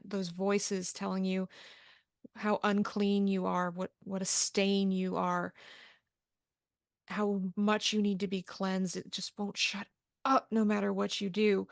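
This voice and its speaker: Slow-narrating woman game master. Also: medium pitch, vocal fry, no room sound, clean studio sound. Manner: measured, descriptive narration. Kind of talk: narrating a tabletop horror game.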